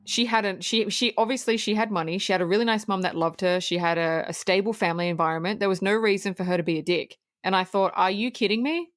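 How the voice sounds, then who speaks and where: A woman's voice: medium pitch, fast talker, few pauses, dry recording, clean studio sound. Blunt, profane woman recapping a film. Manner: blunt, profane, animated recapping with quoted asides. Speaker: podcast co-host. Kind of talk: casual film review chat.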